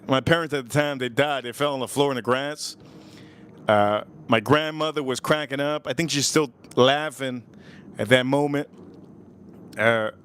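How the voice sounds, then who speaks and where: Filming point of view from a home kitchen or backyard, a livestream host runs a casual cooking and whiskey show. His mid-range voice is smooth and a bit bright as he rambles, says lines again, and chuckles at his own tales.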